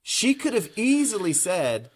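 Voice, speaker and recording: A man co-hosting a podcast chats casually while recapping a book chapter, retelling scenes at length and filling gaps with lots of "you know" and "um." His husky voice sits high, swings widely in pitch, and moves a little slowly.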